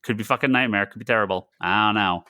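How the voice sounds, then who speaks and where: A man co-hosting a casual podcast chat, rambling and restarting his sentences with excitement. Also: on the low side, quick pace, dry recording, studio quality. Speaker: podcast co-host.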